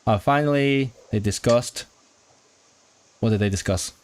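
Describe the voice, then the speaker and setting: A man's voice: mid-range voice, slight background noise. A man streaming a study session, thinking aloud as he works out what is being signed, often restarting words and asking himself questions. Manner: halting, restarting words while working out signed content; puzzled self-questioning asides. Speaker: language-learning streamer.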